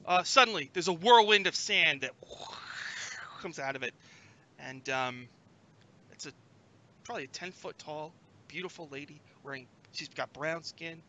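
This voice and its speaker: A man narrating as game master of a tabletop game, animated and given to acting out creatures. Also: on the high side, moderate pace, pauses often, slight background noise, poor audio. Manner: animated, acts out creatures with shouts.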